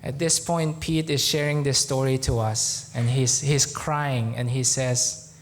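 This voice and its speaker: A man with a Zomi accent preaching a sermon as pastor in a church, telling a story slowly and earnestly with pauses. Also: medium pitch, steady tone.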